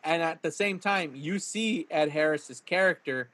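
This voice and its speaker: Animated man with a fairly high voice. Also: unhurried, dry recording. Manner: animated, acts out movie quotes in a raised voice. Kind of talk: casual movie discussion.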